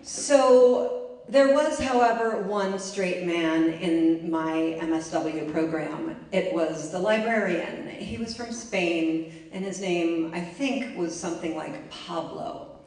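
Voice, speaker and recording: Woman storyteller with a lowish voice and a wry, self-mocking live delivery; very echoey room, distant mic. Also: slow pace, a little mellow. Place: library event space.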